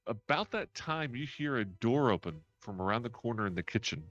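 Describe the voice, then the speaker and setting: A man's voice: mid-range voice, expressive, a little fast, a bit bright. A man narrating a tabletop game as game master, laughing often as he describes the scene. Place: home, streamed live. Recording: dull lo-fi stream audio.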